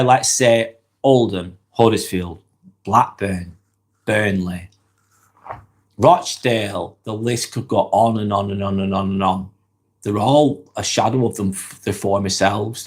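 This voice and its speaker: A man from Lancashire, England, with a Lancashire English accent and fairly low pitch, hosts a casual live stream while suffering from a head cold. He speaks in a relaxed, earnest way, rambling with fillers and sighs as he reads viewers' comments aloud.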